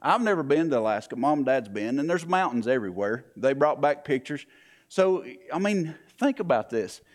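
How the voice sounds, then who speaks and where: A man's voice: mid-range voice, big pitch swings, moderate pace. A man, telling a story in a sermon in a folksy way, repeating "he said" and "I went".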